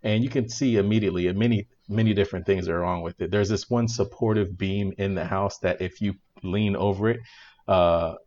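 In a casual movie review chat, a man animatedly retells the plot of a comedy film, laughing often and restarting his sentences. His voice is deep, brisk and a little mellow, on a lo-fi recording with slight background noise.

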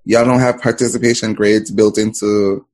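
A man co-hosting a casual podcast, hesitant and self-correcting, with quick quips. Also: fairly low pitch, flat delivery, darkish tone. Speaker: co-host.

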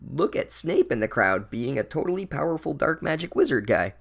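A man voicing a know-it-all schoolgirl in a flat, deadpan parody. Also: fairly high pitch, a little fast, creaky, breathy edge, pitched above the performer's own voice, full character voice. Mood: matter-of-fact.

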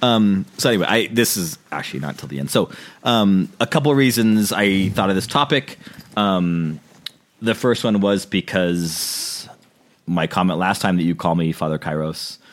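A man's voice: deep voice, normal speed. A man co-hosting a casual chat at home, easygoing, laughing often and restarting his sentences. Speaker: podcast co-host. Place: room at home.

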